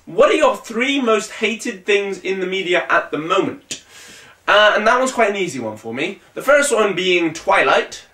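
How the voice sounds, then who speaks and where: A man's voice: high-pitched, pushed and bright. A man hosting his own comedic web show, talking energetically with a sarcastic, jumpy delivery. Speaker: vlog host. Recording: echoey room.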